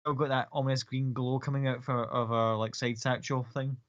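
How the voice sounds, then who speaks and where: A man's voice: medium pitch, flat delivery, normal speed. Guy gm narrating the scene, rambly, lots of "kinda" and "like", muffled lo-fi mic. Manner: loose, rambling descriptions with many fillers. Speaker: game master. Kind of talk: narrating a tabletop game. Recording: dull lo-fi audio.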